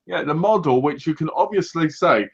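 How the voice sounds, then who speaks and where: A man co-hosts a casual movie review, retelling scenes with lively energy and plenty of laughter. His voice sits a little high. The recording sounds dull and lo-fi. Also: fairly quick, husky. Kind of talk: casual chat.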